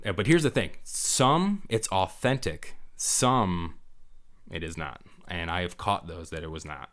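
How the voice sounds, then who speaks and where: A middle-aged man with a very low, deep voice tells stories in a relaxed podcast chat. He acts out little voices and laughs often. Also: unhurried. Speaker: guest, former Marine drill instructor talking about fatherhood.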